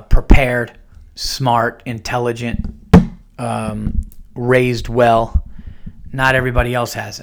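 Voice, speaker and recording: A man hosts a podcast and tells a long, rambling story in a casual way. He keeps looping back and restarting his sentences, and he acts out the neighbor's quoted lines in a livelier voice. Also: medium pitch. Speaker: podcast host.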